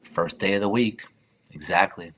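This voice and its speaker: A man hosting a live stream, talking casually and reflectively about faith and life, sometimes slipping into soft whispered affirmations. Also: sits low, moderate pace, a little hiss or hum. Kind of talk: casual spiritual chat.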